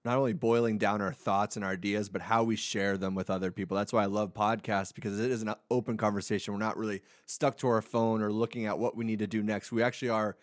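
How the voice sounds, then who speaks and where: Male podcast host, mid-pitched, reflective and rambling, dry close mic. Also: little pitch movement, fast, few pauses, dry recording. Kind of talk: casual podcast chat.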